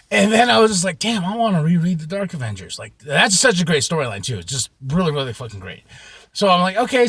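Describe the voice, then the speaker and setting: A man telling a rambling story to camera in a casual, profane way, with sudden shouts and many repeats. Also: sits high, creaky, no echo. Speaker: vlogger.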